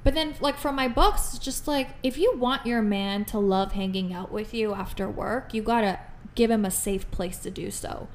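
A woman co-hosting a casual podcast chat, talking in an animated way and often filling with "like" and "you know.". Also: medium pitch, moderate pace, a little hiss or hum. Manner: animated, chatty, many fillers like "like" and "you know". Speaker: podcast co-host.

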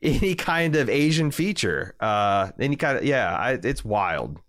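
Wry podcast co-host, lively voice. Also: male voice, mid-range voice, measured pace. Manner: wry, sarcastic. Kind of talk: casual chat.

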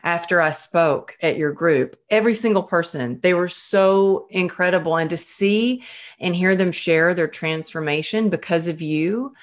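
A woman hosting an interview show, effusive and heartfelt as she speaks warmly of her guest. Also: lowish voice, measured pace. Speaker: podcast host. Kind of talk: conversational interview.

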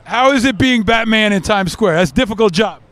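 A man hosting a podcast, interviewing passersby on a city street with quick joking banter. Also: sits high, lively intonation, a bit bright.

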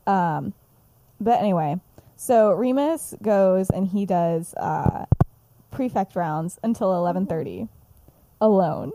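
A woman's voice: medium pitch, slow, background noise. A young woman chatting casually on a podcast, retelling a story she wrote and acting out the characters' lines with lots of giggles. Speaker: podcast co-host. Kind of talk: casual chat, retelling her own story.

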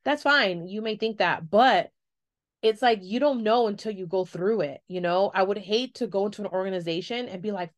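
A woman's voice: medium pitch, normal speed. A young adult woman hosting a solo podcast, talking frankly and expressively, swearing freely and acting out what people said. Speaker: podcast host. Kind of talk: candid solo podcast monologue.

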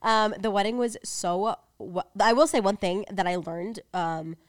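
A woman's voice: medium pitch, unhurried, clean tone, no room sound. A congested young woman co-hosting a podcast, talking in a rambling, chatty way full of fillers. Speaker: podcast co-host. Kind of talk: casual chat.

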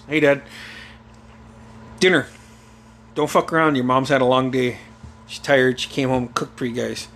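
A young man telling a family story in casual chat, swearing freely and bursting into loud acted-out quotes and laughter. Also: medium pitch, moderate pace, pauses often, a little hiss or hum. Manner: animated storyteller, swears a lot, acts out quotes loudly with laughter.

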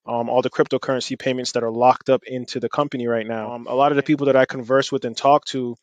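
A man hosting an interview, asking measured questions with many fillers. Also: mid-range voice, level tone, no room sound, muffled recording. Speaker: podcast host.

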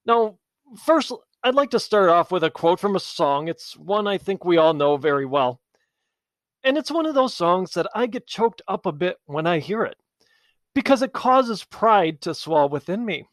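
A man's voice: high-pitched, very animated, moderate pace, fairly bright tone, dry recording. A man hosting a political talk show, delivering an angry, emphatic monologue that is blunt and insulting toward politicians.

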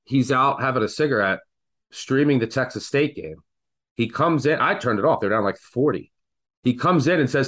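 A man hosting a casual sports betting podcast, telling stories in an animated, excitable way. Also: medium pitch, brisk. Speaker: podcast host.

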